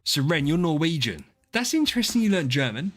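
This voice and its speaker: Brief: male streamer, casual rambling chat, animated rise and fall. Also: fairly high pitch, a little fast, soft background music. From southeast England. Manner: chatty, rambling, swears, reads out viewer names. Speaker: game streamer.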